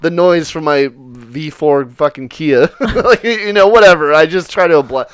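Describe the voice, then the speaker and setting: A man's voice: a little high, moderate pace, clean tone, no echo, studio quality. A man chatting casually on a podcast, telling stories with lots of swearing and laughter. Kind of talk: casual chat.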